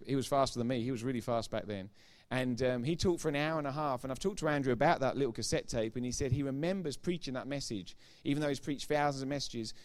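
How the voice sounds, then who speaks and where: A man giving a sermon testimony as a preacher, retelling conversations line by line and growing loud and emphatic when he preaches. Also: mid-range voice. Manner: retells dialogue with repeated "I said, he said".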